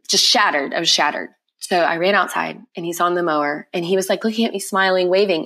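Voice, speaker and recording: Woman with a lower voice giving a heartfelt testimony. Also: fairly bright tone. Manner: emotional, quick retelling with repeated phrases. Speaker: podcast guest. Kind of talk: personal testimony in an interview.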